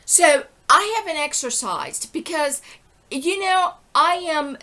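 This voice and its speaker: A woman's voice: high-pitched, expressive, slow pace, bright, forceful tone. A middle-aged woman giving an impassioned, rambling personal monologue, indignant and often breaking off to ask "okay?". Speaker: vlogger.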